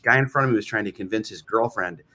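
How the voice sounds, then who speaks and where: A man's voice: on the low side, fast. A man, a comedian guest, chatting casually and telling funny stories, acting out the voices of the people in them. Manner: animated, acts out voices in his stories.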